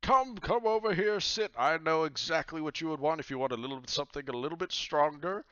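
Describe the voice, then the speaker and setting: A man's voice: fairly high pitch, brisk, bright, forceful tone, clear, resonant tone, no room sound, dull audio, voice pushed up. A man voicing a boisterous, jovial male pirate god who talks heartily and calls people "lad". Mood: inviting.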